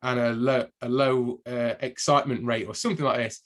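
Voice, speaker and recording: A man's voice: medium pitch, fairly even intonation, brisk. A man co-hosting a casual podcast chat, jokey and rambling, laughing often. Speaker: podcast co-host.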